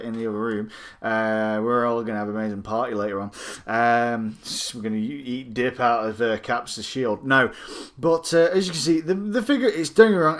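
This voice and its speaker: A man's voice: medium pitch, a bit bright. A man, casually reviewing a collectible figure and its magazine in a rambling, jokey way. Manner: rambling and jokey, with many fillers and asides.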